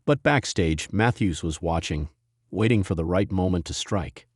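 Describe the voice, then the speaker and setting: A man reading a dramatic written story as narrator, in an even storytelling manner. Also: sits low, normal speed, slightly rough, no room sound, clean studio sound.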